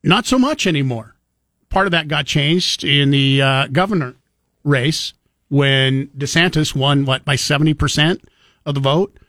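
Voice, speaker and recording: A man's voice: a little high, a little slow, fairly bright tone, no room sound, studio quality. A man hosting a talk radio show, chatting about politics in an opinionated, conversational way and taking calls. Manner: conversational, opinionated, chuckles easily.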